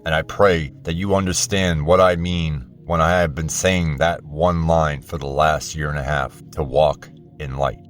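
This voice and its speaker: A man's voice: very deep voice, fairly even intonation, measured pace, faint music behind. A man hosting his own channel, delivering an impassioned, blunt spiritual monologue straight to his viewers. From United States. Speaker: channel host.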